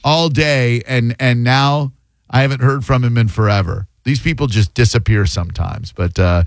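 A man's voice: mid-range voice, moderate pace, heavy background noise. A man hosting a sports talk radio show, chatting loosely and rambling, often restarting his words. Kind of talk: casual radio banter.

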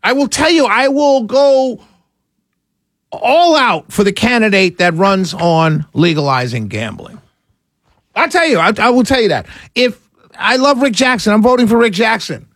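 A male radio host, delivering a sarcastic, animated talk radio monologue. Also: high voice, normal speed, dry recording, studio quality.

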